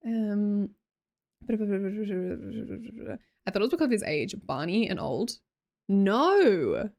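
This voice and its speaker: A woman's voice: mid-range voice, slow, gravelly, dark tone. A playful woman with an Australian accent, chatting late at night with her livestream viewers and laughing often. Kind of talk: casual livestream chat.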